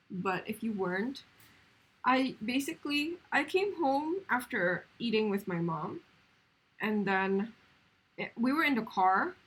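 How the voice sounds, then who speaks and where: This is a woman's husky voice, slightly rough and never quite clear. She is a streamer in casual chat, telling her viewers a story in a rambling way with plenty of fillers. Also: medium pitch, poor audio.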